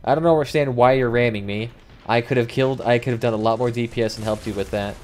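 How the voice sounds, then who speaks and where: A man's voice: mid-range voice, fast talker, a little hiss or hum. A young man commentating casually as he livestreams a game, chatting with viewers and swearing freely. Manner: chatty, swears freely, reads chat aloud. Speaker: gaming livestreamer. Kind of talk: casual live commentary while playing.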